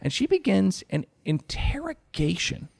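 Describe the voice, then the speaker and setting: A man's voice: sits high, big pitch swings, unhurried, vocal fry, husky, no echo, studio quality. A man co-hosting a podcast, telling a story in a casual, exasperated way and swearing freely. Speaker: podcast co-host.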